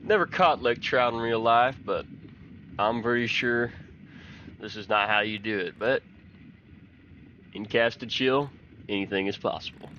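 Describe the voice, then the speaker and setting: A man's voice: mid-range voice, unhurried, pauses often, muffled recording, a little hiss or hum. A man from Texas, giving folksy, chatty commentary on a fishing game and telling fishing stories. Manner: folksy, chatty, excited when fish bite. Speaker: gaming channel host.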